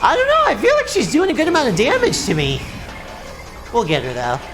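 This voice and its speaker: A woman streaming a video game live, chatting with viewers and yelling at the game when it goes wrong. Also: high voice, fairly quick, music in the background. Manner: excitable, yells at the game, then apologizes. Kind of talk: live gameplay commentary.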